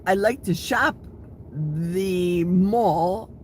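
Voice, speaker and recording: Older guy, 60s, slow easygoing livestream chatter, reads comments and laughs a lot, faint forest sounds behind. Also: high-pitched, a little hiss or hum. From Wisconsin. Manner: chatty, laughs often, talks straight to viewers. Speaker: livestream host reading viewer comments. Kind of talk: casual live chat. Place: outdoors in a forest.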